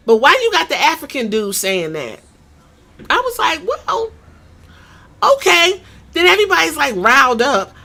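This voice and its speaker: A woman with a New York accent rants bluntly on her podcast, swearing freely as she picks her points apart. Her voice sits a little high and sounds bright and forceful. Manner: blunt, profane, ranting. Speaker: podcast host. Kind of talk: casual commentary.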